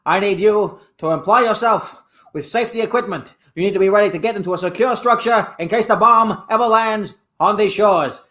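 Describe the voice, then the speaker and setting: A man improvising a US president gravely addressing the nation in a comedy scene. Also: sits high, fairly quick, pushed and bright. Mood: solemn.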